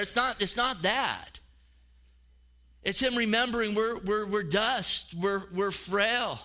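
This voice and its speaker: A middle-aged male pastor preaching a sermon in an animated way, acting out quoted voices and repeating words as he goes. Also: high voice, slow.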